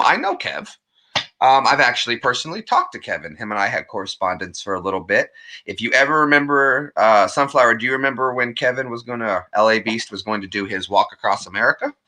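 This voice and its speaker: A man's voice: medium pitch, pushed and bright. A man hosting a casual live stream, rambling and chatty as he greets viewers by name and reads trivia questions. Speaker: livestream host.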